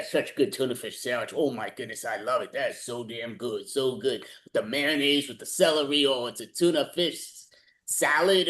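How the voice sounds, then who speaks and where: A man's voice: a little high, a bit bright, reverberant, pitched below the performer's own voice, lightly acted. A man improvising a chatty male hitchhiker who keeps exclaiming and stammering, in a live improv scene over a video call. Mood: blissful. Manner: exclaims "oh" constantly, rambling and stammering. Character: chatty male hitchhiker, easily delighted then panicky.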